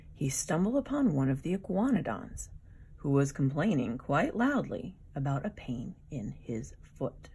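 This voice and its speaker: Slow, husky woman reading a storybook. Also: deep voice. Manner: expressive storytelling, pointing out pictures. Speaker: children's book author. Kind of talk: reading a picture book aloud.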